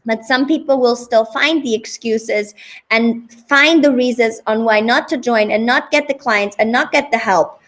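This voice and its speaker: A woman's voice: on the high side, moderate pace, a bit bright. Upbeat motivational woman coach. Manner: upbeat, motivational, repeats points for emphasis. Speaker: business coach and host. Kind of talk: casual interview.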